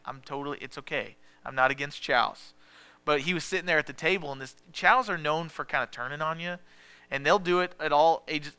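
Bright, clear-voiced male preacher. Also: fairly high pitch, no room sound. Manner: conversational, jokey storytelling preacher. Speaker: pastor. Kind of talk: sermon.

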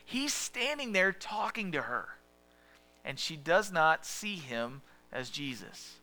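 Preaching slowly, this pastor's fairly high voice swings widely in pitch. He keeps the sermon conversational, asks the congregation questions, and often falls to a soft hush.

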